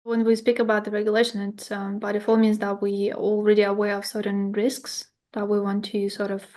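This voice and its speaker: A woman's voice: medium pitch, monotone, a little fast, a little mellow. A woman hosting a podcast interview, asking questions in careful, hesitant phrasing with fillers.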